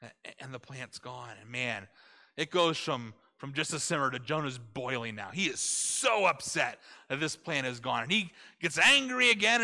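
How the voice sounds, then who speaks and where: A man preaching a conversational sermon, retelling a story with animated delivery and asking his listeners rhetorical questions. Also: mid-range voice, moderate pace.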